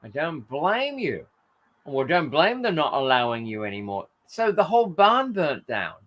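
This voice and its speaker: A man's voice: on the high side, very animated, normal speed, fairly bright tone. An Australian man hosting a casual livestream, reading viewer comments aloud and rambling in friendly chat.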